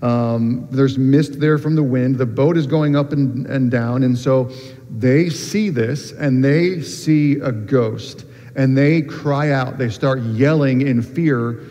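A man preaching a sermon in a relaxed, conversational way, with frequent ums and restarts. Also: medium pitch, slow. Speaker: pastor. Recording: dull sound with long reverb in a hall.

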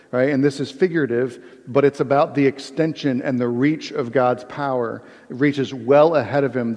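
A man's voice: mid-range voice, darkish tone, highs cut off. A man preaching a sermon in a conversational way, often checking in with the congregation with "right?". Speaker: pastor. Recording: long hall reverb.

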